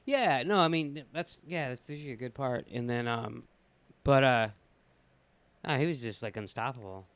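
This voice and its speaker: A man's voice: mid-range voice, normal speed, fairly bright tone, clear, resonant tone, no room sound. A young man co-hosting a casual TV review chat, dry and teasing, unimpressed in short replies. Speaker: podcast co-host.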